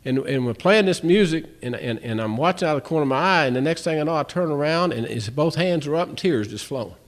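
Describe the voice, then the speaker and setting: A man's voice: a little high, expressive, quick pace. Man telling a faith testimony. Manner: storytelling, acts out both sides of dialogues. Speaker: Christian testimony speaker. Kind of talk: spoken testimony.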